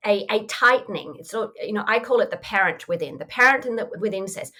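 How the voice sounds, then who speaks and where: A woman's voice: mid-range voice, lively intonation, fast talker, few pauses, bright, forceful tone. Woman guest, reflective coach, talks it through in a mid-range voice. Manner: reflective, acts out inner voices in quotes, frequent "you know". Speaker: mindfulness coach, podcast guest. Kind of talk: conversational interview answer.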